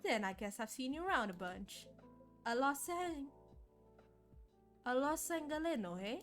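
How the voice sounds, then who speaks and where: Friendly night-patrol officer, Southern drawl, played by a woman streamer, bright and lively. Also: high-pitched, a little slow, faint music behind. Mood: folksy. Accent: put-on American Southern. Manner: easygoing, drawling, folksy. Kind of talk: streamer voicing game dialogue.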